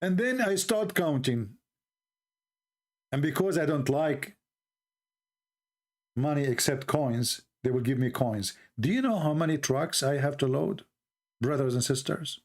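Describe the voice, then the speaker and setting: A man's voice: a little high, unhurried, pauses often. Sarcastic man with a Middle Eastern accent. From Middle East. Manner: mocking, sarcastic, broken English. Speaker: show host. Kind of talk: sarcastic livestream monologue.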